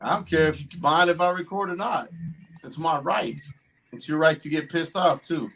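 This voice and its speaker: A man's voice: on the high side, normal speed, a bit bright, slight background noise. Blunt, chatty livestream host, a man. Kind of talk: casual reaction commentary.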